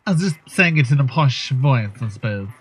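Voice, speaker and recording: A man's voice: mid-range voice, animated, a little fast, breathy edge. A man chatting casually and swearing now and then as he commentates his own gameplay on a livestream.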